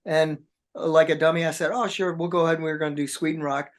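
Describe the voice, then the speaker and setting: Man, rock drummer guest, rambling chatty storyteller, slightly high voice. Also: steady tone, fast talker. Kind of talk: casual interview chat.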